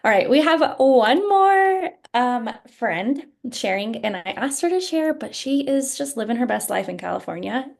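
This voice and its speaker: A woman hosting a group video call, warmly thanking one speaker and introducing the next. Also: fairly high pitch, sing-song, unhurried, vocal fry, few pauses. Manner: warm, encouraging, introduces speakers. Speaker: call host.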